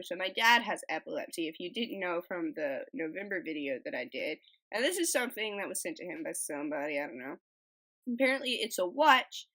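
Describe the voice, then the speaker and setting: A woman's voice: on the low side, sharp tone, low-quality recording. A woman casually narrating over her speedpaint and reading posts aloud, rambling and giggly, with a desk mic she keeps bumping. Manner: rambling, giggly, restarts and trails off.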